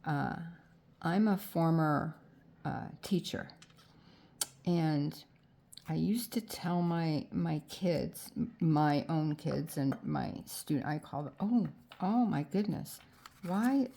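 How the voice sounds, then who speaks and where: Middle-aged woman, craft vlogger; slow, mellow, rambling self-talk, always second-guessing. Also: low voice, gravelly. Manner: rambling and indecisive, talking herself into choices. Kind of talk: casual thinking aloud while crafting.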